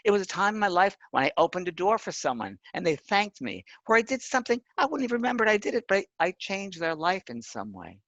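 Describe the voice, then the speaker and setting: A man voicing an awed, high-pitched woman. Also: big pitch swings, quick pace, few pauses, fairly bright tone, no echo, dull audio, exaggerated voice. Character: awed woman friend describing the afterlife.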